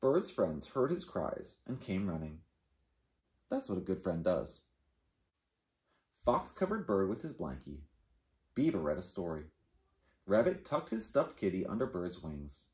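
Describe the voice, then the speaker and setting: A man, a children's librarian, reading a picture book aloud to kids in an animated, playful way. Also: sits low, a little slow, pauses often. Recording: echoey room.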